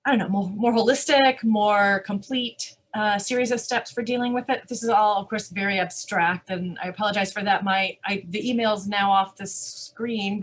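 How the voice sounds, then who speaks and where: A woman conference speaker answering audience questions, animated and emphatic, with rhetorical questions and frequent restarts. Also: mid-range voice. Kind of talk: live Q&A answers.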